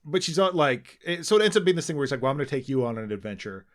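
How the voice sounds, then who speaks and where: A man's voice: a little high, animated, very fast. Rambling man co-hosting a podcast. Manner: rambling, restarts, many fillers. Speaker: podcast co-host. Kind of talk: casual chat.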